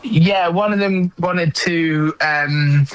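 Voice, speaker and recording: A man's voice: a little high, slow pace, rough recording. Enthusiastic, emphatic male guest. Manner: enthusiastic, emphatic, repeats phrases. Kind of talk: casual chat.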